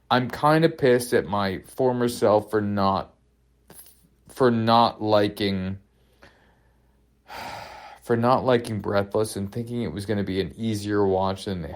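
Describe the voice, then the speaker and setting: Male podcast co-host, lowish voice, foul-mouthed ranter who swings loud then soft. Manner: profane, swings from loud outbursts to quiet apologies. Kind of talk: ranting casual chat.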